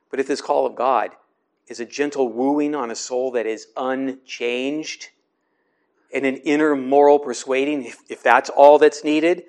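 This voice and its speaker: A man preaching a sermon in a measured, explanatory way, slowing down to stress scripture. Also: medium pitch. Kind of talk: sermon teaching.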